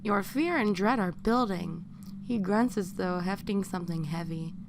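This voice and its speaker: Woman reading a story with vocal fry. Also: medium pitch, moderate pace, background noise. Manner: breaks off into crude, joking asides. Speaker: reader of fan fiction. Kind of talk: casual narration of a second-person story.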